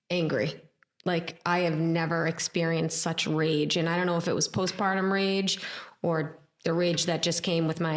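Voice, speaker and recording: A woman sharing her own experience openly and reflectively. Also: deep voice. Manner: open, reflective. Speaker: podcast co-host. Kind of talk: casual personal sharing. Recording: echoey room.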